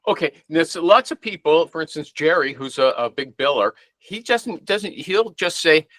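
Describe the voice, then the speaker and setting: Man, host, bright tense voice, dry close sound, probing questions. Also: fairly high pitch, lively intonation, moderate pace, no room sound. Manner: probing, thinks aloud. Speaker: show host. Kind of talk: casual podcast chat.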